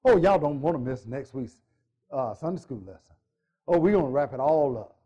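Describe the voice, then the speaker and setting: A man's voice: medium pitch, expressive, moderate pace, warm tone, husky. A male pastor preaching a sermon in a church, emphatic, repeating phrases and joking with the congregation.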